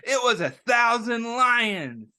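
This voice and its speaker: A man reading aloud and voicing a young boy with one leg in a picture book, in a slightly higher, brighter storybook voice. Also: very animated, slow, exaggerated voice. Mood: matter-of-fact.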